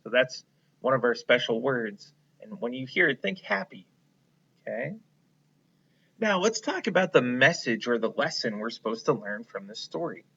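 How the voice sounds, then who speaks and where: A man's voice: medium pitch, expressive, moderate pace, vocal fry, fairly bright tone, slightly rough, muffled recording. A male elementary school teacher reading a picture book aloud and explaining it to young children in a patient, encouraging way.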